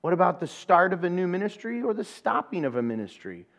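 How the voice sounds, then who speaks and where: Animated storytelling pastor, fairly high voice. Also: male voice, fairly quick, creaky. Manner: animated storyteller, acts out voices and laughs at his own jokes. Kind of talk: sermon with a humorous personal story.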